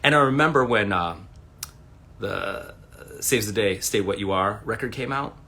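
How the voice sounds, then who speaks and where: A man's voice: fairly low pitch, moderate pace, a little hiss or hum. A man in his forties talking casually at home on a livestream, rambling and swearing as he tells stories. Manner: rambling, profane, animated storytelling. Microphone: phone.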